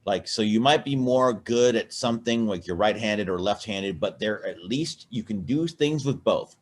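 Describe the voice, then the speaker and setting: Man, lower voice, casual podcast co-host, rambling and profane. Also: expressive, moderate pace. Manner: rambling, profane, many restarts. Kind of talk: casual drunken chat.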